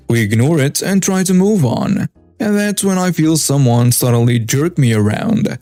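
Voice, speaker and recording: Animated male storyteller over faint music. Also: on the high side, moderate pace, no echo. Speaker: story narrator. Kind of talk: scripted narration of a first-person story.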